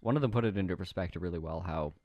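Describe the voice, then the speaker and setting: A young man from Canada with a low, deep voice, speaking as a podcast co-host. He lays out strong opinions deliberately, swearing casually as he talks. The sound is dry and close to the mic. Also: dry recording, muffled recording. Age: young adult. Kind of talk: casual chat.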